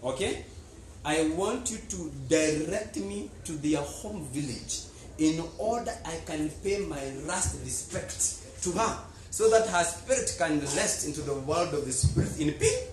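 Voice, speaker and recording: A man's voice: fairly high pitch, expressive, a little slow, recorded from a distance, slight background noise. A male pastor voicing an earnest young prince in a sermon story, making firm, pleading declarations. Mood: resolute. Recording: echoey church hall.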